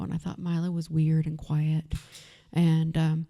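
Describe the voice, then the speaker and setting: A woman's voice: sits low, flat delivery, normal speed, creaky, warm tone. A woman with a Texas accent telling her own story to an audience at an event, candid and conversational, with many fillers. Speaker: event speaker. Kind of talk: personal story told to an audience. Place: event venue.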